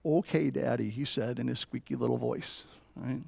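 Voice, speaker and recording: A man's voice: medium pitch, level tone, normal speed, creaky, a little mellow, husky, no echo. A middle-aged man preaching a sermon as pastor, telling stories with rhetorical asides. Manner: storytelling with rhetorical "right?" asides. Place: church.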